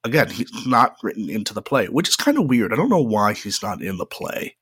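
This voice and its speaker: A man's voice: fairly low pitch, big pitch swings, fairly quick, fairly bright tone, slightly rough, dry recording, clean studio sound. A young man hosting a podcast, telling rambling personal stories in a chatty way with lots of "uh" fillers. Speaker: podcast host. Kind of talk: casual solo storytelling.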